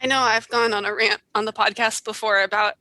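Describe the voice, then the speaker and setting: Woman co-host, bright and a bit high, quick and self-deprecating, dry close mic. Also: steady tone, no echo, low-quality recording. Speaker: podcast host. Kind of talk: casual book discussion.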